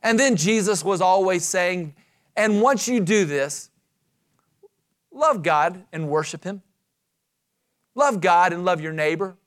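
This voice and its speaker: A man preaching a sermon as pastor, emphatic and dramatic, slowing to stress key phrases. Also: sits high, animated.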